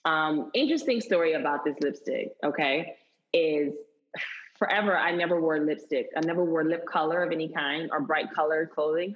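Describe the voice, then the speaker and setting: Animated woman guest, husky and low. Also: normal speed. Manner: animated, laughing, acts out quoted voices. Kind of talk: casual interview storytelling. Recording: dull lo-fi sound.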